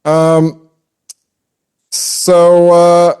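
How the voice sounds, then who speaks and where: A man's voice: sits high, monotone, drawn-out words, a little mellow, clean tone. A man co-hosting a podcast, explaining poetic meter in a casual, scholarly way and humming out rhythms with his voice. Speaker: podcast co-host.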